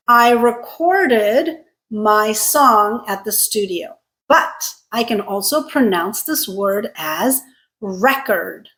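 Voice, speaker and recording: Woman teaching pronunciation, slightly high voice, slow and clear, leans hard on stressed syllables. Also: a bit bright, rough recording. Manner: slow, carefully enunciated, stressing syllables for contrast. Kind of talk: scripted teaching.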